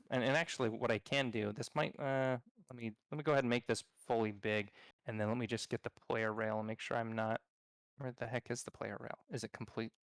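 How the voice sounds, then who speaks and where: Man, mid-pitched voice, dry close sound, thoughtful rambling explanation, casual stream talk. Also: clean tone, dry recording. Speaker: game developer. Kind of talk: casual live-stream working session.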